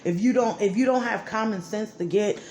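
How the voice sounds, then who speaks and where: A woman's voice: medium pitch, a little fast, a little mellow. A woman ranting angrily and profanely about her life and her children's father. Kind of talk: angry personal monologue. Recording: echoey room with faint background noise.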